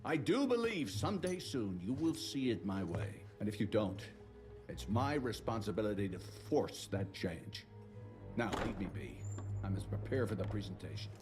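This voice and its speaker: A man's voice: fairly low pitch, sing-song, normal speed. An actor playing a stern, domineering father who speaks in a commanding way. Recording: game audio over music.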